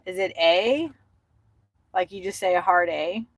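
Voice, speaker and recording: A woman's voice: fairly low pitch, a little slow, no echo, low-quality recording. A middle-aged woman chatting casually to her live-stream viewers while she drives, rambling and laughing often. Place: inside a car on city roads. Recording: loud car and road noise.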